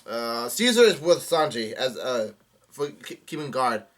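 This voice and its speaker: A man's voice: medium pitch, very animated. A man reading a comic aloud and commenting on it, with frequent fillers and restarts. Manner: reads aloud haltingly with many fillers and restarts. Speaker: manga reaction host.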